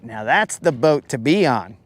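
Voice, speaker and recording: A man's voice: medium pitch, expressive, unhurried, no echo. A man hosting a fishing show, joking around casually on a boat and calling people bro and dog. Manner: slangy, joking, keeps saying bro and dog.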